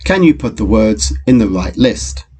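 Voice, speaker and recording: A man teaching a recorded phonics lesson to young children, in a slow and patient way, talking straight to the pupils. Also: lowish voice, big pitch swings, darkish tone, husky. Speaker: primary school teacher.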